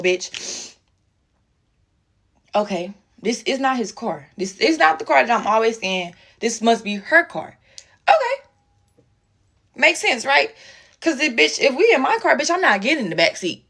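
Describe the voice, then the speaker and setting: A woman, spilling a story in casual story-time chat. Her voice sits on the higher side. She swears freely and jumps in and out of quoted voices. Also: husky. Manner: animated, profane, slangy storytelling with quoted voices.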